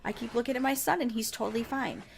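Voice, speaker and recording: A woman's voice: a little high, fairly even intonation, fast talker, creaky, noisy background. A woman in her thirties hosting a podcast, telling a casual, profane story with laughter. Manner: laughs while telling stories. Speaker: podcast host. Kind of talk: casual chat.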